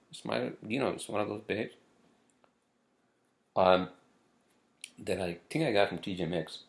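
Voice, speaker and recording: A man hosting a casual solo show, rambling and swearing freely with plenty of halting. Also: fairly low pitch, animated, vocal fry. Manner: rambling, profane, halting with fillers. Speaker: podcast host.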